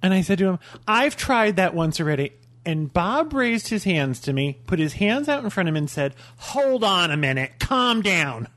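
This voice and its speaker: A man's voice: sits high, moderate pace, dry recording. A man on a podcast telling a story in casual chat, acting out what people said. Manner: animated storytelling, acting out quoted lines. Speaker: podcast co-host.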